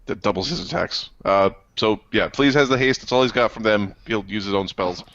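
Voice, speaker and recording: A man's voice: lowish voice, a little fast, a bit bright, dull audio. A man playing a tabletop game who chats in an easygoing way, explaining his character's plans. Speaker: player. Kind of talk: casual tabletop game chat.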